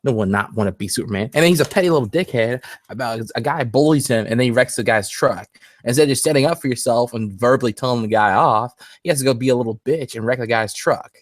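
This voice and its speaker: Fast-talking man, dry close sound. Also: medium pitch, no room sound. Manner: laid-back, profane, laughs between points. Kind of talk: casual chat.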